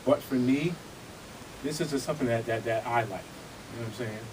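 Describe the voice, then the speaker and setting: A man's voice: mid-range voice, a little fast, noisy background. A man teaching a vogue dance class, talking casually and a little out of breath, checking in with his students as he demonstrates. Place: dance studio with music playing. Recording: music playing behind.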